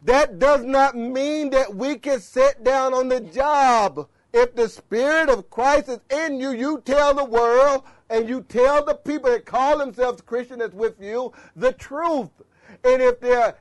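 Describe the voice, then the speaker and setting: Pregador apaixonado de voz aguda. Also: male voice, a little slow. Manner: passionate, swings between loud exhortation and low murmur. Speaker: preacher. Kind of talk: sermon.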